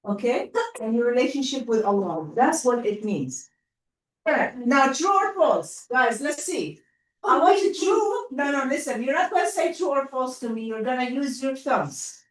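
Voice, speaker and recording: A woman with an Arabic accent teaching a class in a lively, coaxing way. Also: sits high. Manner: lively, coaxing, quick asides to pupils. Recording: roomy classroom from far off.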